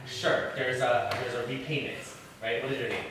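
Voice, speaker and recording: A man's voice: medium pitch, level tone, normal speed, noisy background. A man leading an interactive Bible class in a church room, questioning his listeners in a chatty way. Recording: very echoey room, far from mic.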